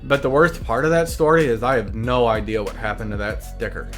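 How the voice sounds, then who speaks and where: A man hosting a comedic episode recap, telling it in a deadpan, meandering way full of side stories. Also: medium pitch, brisk, faint music behind. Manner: deadpan, meandering storytelling with asides.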